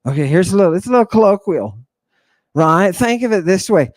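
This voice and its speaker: A man hosting an irreverent lecture on ancient texts, theatrical and mocking, swinging between loud outbursts and hushed asides. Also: high voice, expressive, a little fast, no echo.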